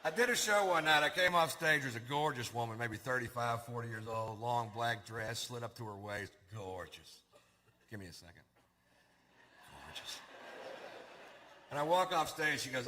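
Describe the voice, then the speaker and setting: A male stand-up comedian tells stories in a laid-back drawl to a live audience on a theater stage, speaking into a stage microphone. His voice is medium-pitched and sharp-toned at a moderate pace. The live hall adds long reverb, faint ambience, and slight background noise.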